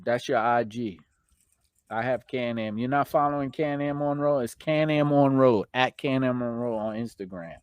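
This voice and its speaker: A man's voice: medium pitch, normal speed, clean tone, dry recording. A man with a New York accent hosting a casual live stream, chatting and reading out viewer comments.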